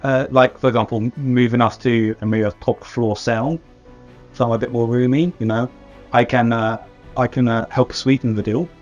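Man, tabletop player, mid pitch, light music in the background. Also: fairly even intonation, normal speed, darkish tone, dull audio. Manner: laughing, tries an Italian mobster accent. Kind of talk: playing a tabletop game.

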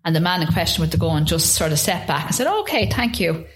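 Low-voiced woman telling her story. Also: flat delivery, fast. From Ireland. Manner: earnest, vivid storytelling with hesitations. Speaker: interview guest. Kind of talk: telling a personal story in conversation.

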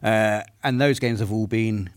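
A man's voice: fairly low pitch, fairly even intonation, measured pace, no room sound, clean studio sound. A man co-hosting a live podcast, chatting enthusiastically about old games. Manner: enthusiastic, rambling. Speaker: podcast co-host. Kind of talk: live podcast chat on stage. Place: stage before a live audience.

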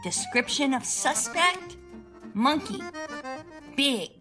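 A woman's voice: high-pitched, sing-song, slow, over music, heavily acted. A woman playing an eager, by-the-book police sergeant who reads out her notes earnestly. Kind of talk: comedy audio sketch.

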